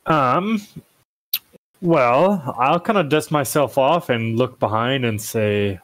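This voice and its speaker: A man's voice: medium pitch, slow, no room sound, rough recording. A man playing a tabletop game, thinking aloud and asking the game master questions. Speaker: player. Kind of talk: casual tabletop play.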